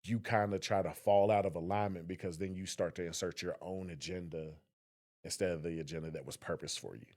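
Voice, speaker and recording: A young man co-hosting a podcast, telling stories in a casual, animated way and acting out voices. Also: sits low, a little fast. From Southern West Virginia. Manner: animated storyteller, acts out voices. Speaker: podcast co-host. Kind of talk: casual conversation.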